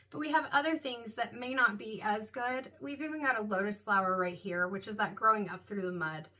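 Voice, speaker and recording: A woman's voice: a little high, pushed and bright. A woman giving a casual, meandering tarot reading, reflective and full of "like" and "um". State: hiccups. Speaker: tarot reader.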